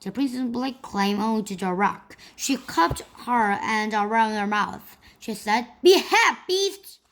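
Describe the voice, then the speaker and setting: Slow, careful woman reading a storybook. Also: mid-range voice, fairly even intonation. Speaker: storybook reader. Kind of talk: children's storybook read-aloud.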